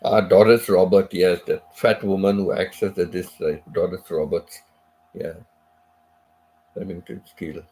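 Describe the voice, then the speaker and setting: A man's voice: low voice, steady tone, unhurried, a little mellow, a little hiss or hum. A middle-aged man hosting a live stream in casual chat, rambling and repeating himself with many asides while recovering from feeling sick. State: unwell, recovering from sickness.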